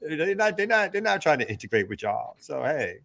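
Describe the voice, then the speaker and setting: Animated slangy man host. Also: a little high, a little fast, gravelly. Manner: loose, slangy, emphatic. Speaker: talk show host. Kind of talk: casual radio talk show chat.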